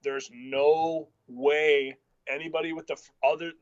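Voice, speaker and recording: A man co-hosting a casual sports podcast, arguing football picks bluntly and in rapid bursts. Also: a little high, level tone, no echo. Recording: dull lo-fi sound.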